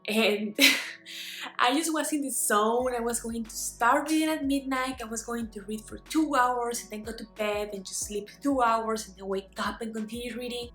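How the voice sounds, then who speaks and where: Chatty young woman, bright voice, echoey room. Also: a little high. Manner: chatty, playful, rambling with many "like" fillers. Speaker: book vlogger. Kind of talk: casual vlog chat. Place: bedroom at home. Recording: echoey room with soft music behind.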